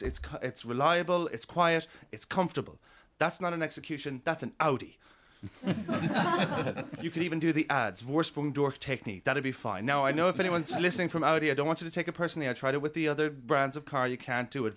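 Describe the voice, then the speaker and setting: A man's voice: medium pitch, a bit bright, a little hiss or hum. An Irish man performing a wry stand-up routine as a comedian. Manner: quick, wry, self-deprecating delivery.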